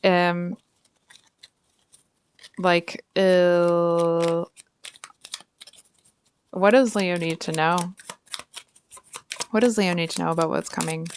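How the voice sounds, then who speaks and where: A woman's voice: lowish voice, normal speed, long pauses, slight background noise. A woman giving a casual, frank tarot reading straight to her viewers, chatty and full of asides. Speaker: tarot reader.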